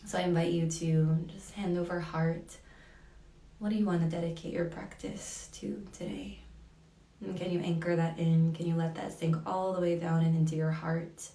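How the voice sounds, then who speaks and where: A woman leading a live tapping circle, talking softly and devotionally and greeting viewers by name. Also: on the low side, flat delivery, normal speed, reverberant, far from the mic. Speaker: EFT tapping facilitator. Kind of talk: guided tapping livestream.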